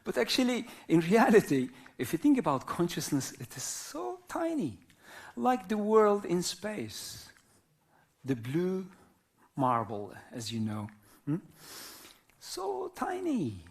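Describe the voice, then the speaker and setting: Speaking in a high, creaky voice with huge swings in pitch, a man in his fifties from Turkey teaches whirling dance in a live, contemplative talk. A native Arabic speaker, he uses plain non-native English, moves slowly and philosophically, and keeps checking in with the audience.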